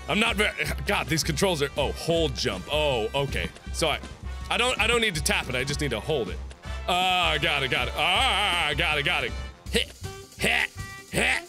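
A man in his twenties narrates a video game he is playing, excitable and full of puns, yelping at every mishap. His voice sits high and leaps wildly up and down. Faint game music plays under him. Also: normal speed. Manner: excitable, punny, frequent yelps and laughs. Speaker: gaming YouTuber. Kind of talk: let's play commentary.

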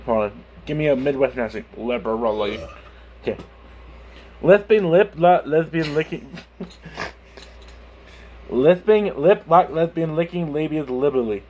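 A man's voice: a little high, lively intonation, unhurried, pauses often, a little mellow, a little hiss or hum. A young man chatting casually on his vlog, speaking with a lisp from a burned tongue, laughing and swearing as he stumbles over words. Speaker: YouTuber.

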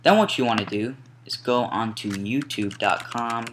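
A young man casually talking through a software tutorial step by step, now and then apologizing and correcting himself. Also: fairly low pitch, fairly even intonation, a little slow, a little hiss or hum. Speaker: tutorial maker. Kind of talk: screen-recorded software tutorial. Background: mouse clicks and typing.

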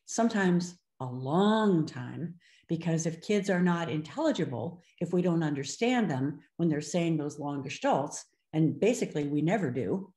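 A woman's voice: low voice, dark tone. An older woman giving a webinar lecture as a speech-language clinician, talking expressively and slipping into other voices when she quotes children and parents. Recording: roomy echo.

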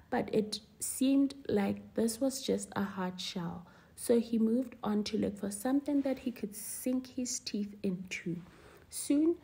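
A woman reading a children's story aloud for a library story hour, clear and gently paced. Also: mid-range voice.

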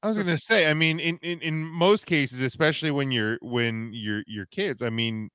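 A man's voice: fairly high pitch, moderate pace, a bit bright, clear, resonant tone, dry recording, studio quality. A man joining a casual podcast as a guest, talking in a rambling, defensive way.

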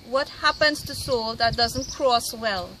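A high-pitched woman gives an earnest spiritual address outdoors at a cremation ground. She pleads and repeats her words. Loud background noise and birdsong run under her voice. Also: slow. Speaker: spiritual medium.

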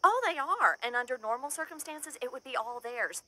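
A woman's voice: high voice, animated, a little fast, bright, forceful tone. A woman playing a dry, no-nonsense cemetery night-shift worker who takes on investigations in a horror-comedy short film.

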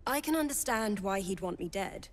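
A woman's voice: mid-range voice, expressive, normal speed, very noisy, lightly acted. A woman voicing a weary young cleric in a video game, speaking in a worried, earnest manner.

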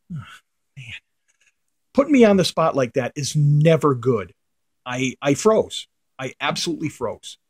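A man's voice: fairly high pitch, very animated, unhurried, long pauses, darkish tone, breathy edge. A middle-aged man, a comic art collector, casually telling a rambling anecdote to the camera, his voice trailing off into mutters at the ends of phrases.

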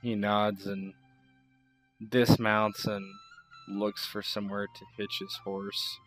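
A man playing a tabletop game, calmly describing his character's actions. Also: lowish voice, takes it slowly, soft background music. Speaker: player.

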